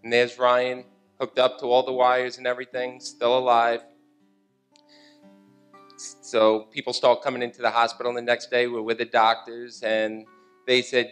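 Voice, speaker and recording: A middle-aged man tells his testimony in a smooth, clear voice that stays level and even. He speaks earnestly and steadily, with faint guitar music under him in the church. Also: mid-range voice, moderate pace, pauses often. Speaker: church guest giving testimony. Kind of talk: personal testimony. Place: church stage.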